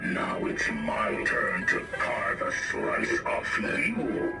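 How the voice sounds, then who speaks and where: A man's voice: low-pitched, wildly swooping pitch, drawn-out words, creaky, exaggerated voice. A man voicing a violent pig-headed butcher who gloats threateningly. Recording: distant, loud spooky music.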